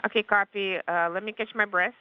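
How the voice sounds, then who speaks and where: A man interpreting radio calls live into English, halting, with fillers and restarts. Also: sits high, fairly even intonation, clean tone, lo-fi sound.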